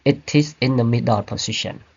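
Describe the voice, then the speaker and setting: A man teaching an online grammar class, explaining slowly and checking in with "right?" and "okay?". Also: medium pitch, husky, dull audio. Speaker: English teacher. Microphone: computer mic on a video call.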